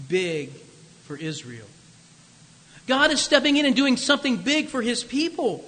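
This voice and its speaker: A man's voice: very high voice, bright, forceful tone, in a large hall, low-quality recording. A male pastor preaching a sermon in a conversational, jokey way, full of asides.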